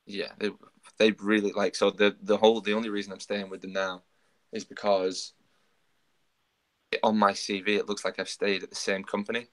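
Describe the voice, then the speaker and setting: Male podcast co-host, low flat voice, rapid anecdotal storytelling. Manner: storytelling, acts out quoted dialogue. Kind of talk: casual chat.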